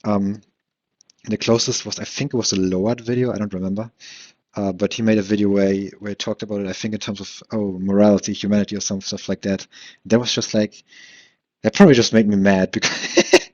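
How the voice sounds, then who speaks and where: A man's voice: on the low side, steady tone, fairly quick, a little mellow, dry recording. A young man with a slight lisp hosting a solo podcast, rambling and swearing, restarting sentences and slurring his words. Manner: rambling, profane, self-deprecating, lots of fillers and restarts. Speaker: podcast host. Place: room at home. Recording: dull lo-fi home recording.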